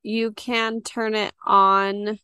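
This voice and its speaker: Slow, smooth-voiced woman co-host. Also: medium pitch, level tone, pushed and bright, no room sound, studio quality. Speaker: podcast co-host. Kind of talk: casual chat.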